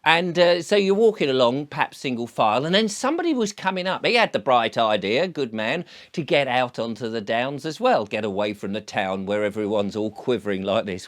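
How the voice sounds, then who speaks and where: A man's voice: mid-range voice, big pitch swings, moderate pace, few pauses. A middle-aged man hosting his channel in a casual monologue, telling sarcastic stories and acting out scenes. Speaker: channel host.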